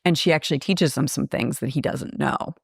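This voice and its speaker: A woman podcast host casually retelling a film's plot, acting out lines of dialogue in a chatty, animated way. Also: low-pitched, fairly quick, vocal fry, husky, no room sound, studio quality. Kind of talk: casual film recap.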